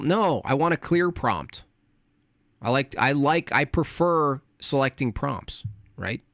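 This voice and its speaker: A man's voice: medium pitch, fairly bright tone, dry recording, studio quality. A man streaming live, reading his chat aloud and answering it with sarcastic, combative mockery.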